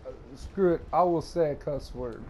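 A young man playing a horror game and talking through it, jumpy and excitable, with frequent swearing. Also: fairly high pitch, moderate pace, a little hiss or hum. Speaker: gaming YouTuber.

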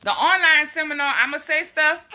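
A young woman speaks, chatting bluntly and casually to her audience. Her voice is sharp and tense, sitting a little high for a woman. She talks in slang and laughs easily. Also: normal speed. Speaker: herbal health vlogger. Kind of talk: casual straight-talking live chat.

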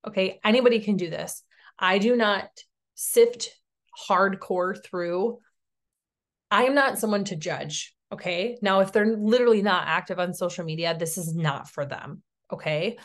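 A woman's voice: mid-range voice, unhurried. A woman in her thirties from Tennessee, giving a chatty, encouraging sales training talk and often checking in with "okay?". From Tennessee, USA. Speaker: network marketing team leader.

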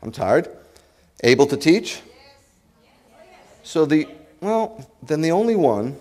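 Brief: New rabbi, lively and jokey sermon delivery, talks right at the congregation. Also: male voice, a little high, takes it slowly. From New York. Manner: animated, joking, addresses the congregation directly.

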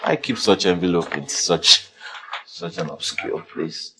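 An actor playing a smooth-talking young man with a Nigerian accent, coaxing and sugary. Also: deep voice, a little slow, noisy background. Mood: tender. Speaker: lover off to London.

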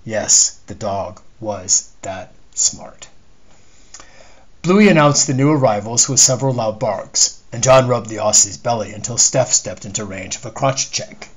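A man, the author, reading a chapter of his novel aloud in measured storytelling narration. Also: lowish voice, breathy edge, poor audio. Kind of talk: scripted narration.

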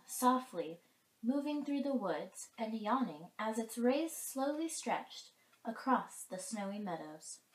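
A woman reading a children's picture book aloud in a gentle, expressive storytelling voice. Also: medium pitch, roomy sound, low-quality recording. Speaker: storybook reader.

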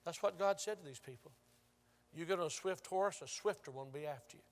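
High-voiced, bright preacher, long church reverb. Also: male voice, brisk. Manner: storytelling preacher, swings from loud to hushed. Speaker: pastor. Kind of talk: sermon. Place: large church sanctuary.

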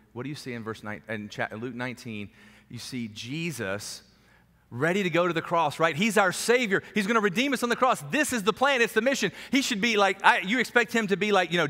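A man preaching a sermon in a conversational, animated storytelling way, with sudden drops to a hushed voice. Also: fairly high pitch. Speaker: pastor. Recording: echoey hall reverb.

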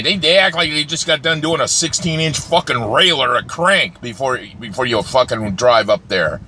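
A man rants with constant swearing and exasperation, his pitch swinging widely. His voice is bright and forceful. Faint vehicle noise hums behind him. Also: lively intonation, moderate pace, few pauses. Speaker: vlogger. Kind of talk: profane comedic rant.

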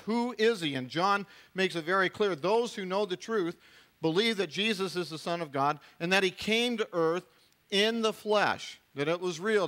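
A middle-aged male pastor delivers a sermon with a bright, forceful voice pitched a little above the usual for a man. He talks conversationally, restarting phrases and tossing in asides.

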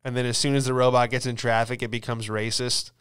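A man's voice: mid-range voice, little pitch movement, fast, a bit bright, clean tone. A man hosting a comedy podcast, riffing and joking loosely about news, profane and laughing often. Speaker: podcast host. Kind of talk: casual comedic chat.

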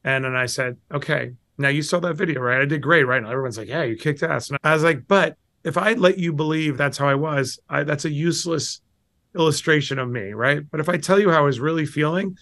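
This is a middle-aged man talking as a guest on an interview show. He tells candid stories about himself and acts out quotes with big swings in pitch. The sound is close and dry. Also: fairly quick, fairly bright tone, dry recording. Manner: candid and self-deprecating. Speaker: guest investor. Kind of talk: storytelling interview answers.

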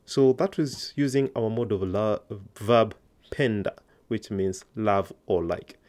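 A man's voice: lowish voice, takes it slowly, a little mellow. A man teaching an online language lesson, patiently coaxing learners to answer aloud.

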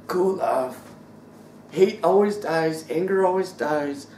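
Preacher, male, unhurried and theatrical, heard from a distance in a reverberant church hall. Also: sits high, creaky, a little hiss or hum. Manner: dramatic, swings between loud outbursts and quiet asides; acts out biblical characters in voice. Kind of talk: sermon. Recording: roomy echo, distant mic.

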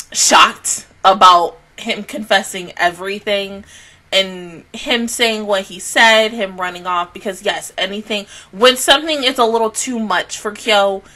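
A woman hosting an anime reaction and review, swearing, laughing and crying out, then talking it through more quietly. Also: medium pitch. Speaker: anime reaction channel host.

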